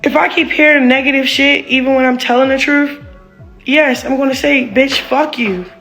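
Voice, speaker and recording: A woman's voice: sits high, level tone, moderate pace, bright, forceful tone, soft background music. Woman venting heatedly, profane and rambling. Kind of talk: candid venting monologue.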